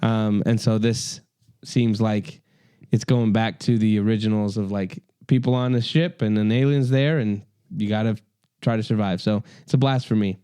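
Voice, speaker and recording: A man's voice: on the low side, fairly even intonation, normal speed, mellow, clean tone, dry recording, studio quality. A man hosting a casual podcast chat, rambling with lots of fillers. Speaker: podcast host.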